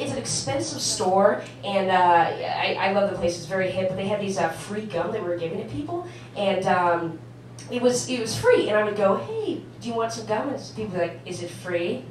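A woman's voice: medium pitch, expressive, quick pace, a little hiss or hum. A woman doing stand-up, ranting bluntly and profanely. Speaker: stand-up comic. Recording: echoey club from far off, crowd laughing.

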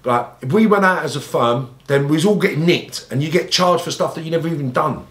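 In a roomy-sounding space, a man from England with a London accent speaks briskly in a fairly bright tone. He's a former gangster bluntly recounting his life story in an interview, swearing plenty and re-enacting scenes in high, pleading voices.

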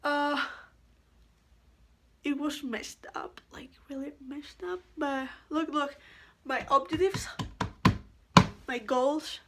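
A woman's voice: sits high, fairly even intonation, slow pace, long pauses, fairly bright tone. A young woman whose first language is Spanish, chatting casually to her vlog audience and repeating words as she thinks aloud. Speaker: vlogger.

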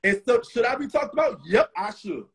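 Host, man, Southern US accent, tipsy, high, very husky voice, profane and rambling. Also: lively intonation, fairly quick. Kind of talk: casual live stream chat.

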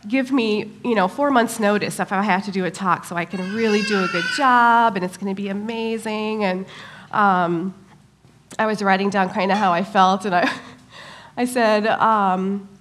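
A middle-aged woman giving a church talk, telling a personal story in an animated way, with many pauses and fillers. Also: medium pitch. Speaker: church speaker.

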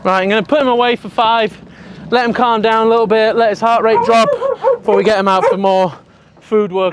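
A young man, a dog trainer explaining his work in an energetic, chatty way with casual swearing. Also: sits high, brisk, heavy background noise.

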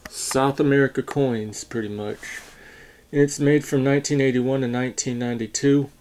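A man talking casually and haltingly as he reviews a coin, stopping to correct himself. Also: mid-range voice, steady tone, a little mellow. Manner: slow, halting, unsure talk with fillers and self-corrections.

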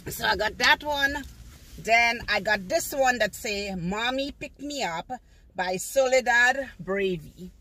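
An older woman, a grandmother, shows off her shopping haul from her car outdoors on a sunny day, gushing and repeating the same praise words in a casual haul video. Her medium-pitched voice sounds pushed and bright, with a little hiss or hum in the recording.

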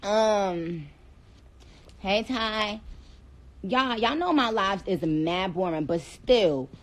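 Playful, unhurried woman chatting on a phone livestream. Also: medium pitch, expressive, low-quality recording. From Trinidad. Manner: playful, chatty, addresses viewers directly. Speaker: livestream host. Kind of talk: casual livestream chat to viewers. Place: dim room indoors.

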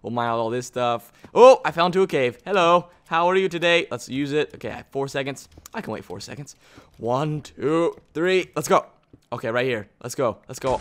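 A man hosting a gaming video, giving excitable commentary on his play and chatting to the objects around him. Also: medium pitch, moderate pace. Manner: excitable, talks to objects in the game. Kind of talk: gameplay commentary.

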